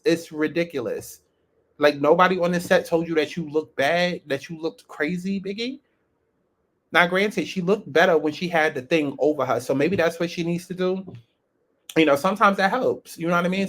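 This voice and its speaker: A man with a fairly high voice gives casual commentary. His delivery is blunt and sassy, loaded with cursing and sharp asides. He sounds like a channel host talking straight to his viewers. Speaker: host of a reality-show review channel.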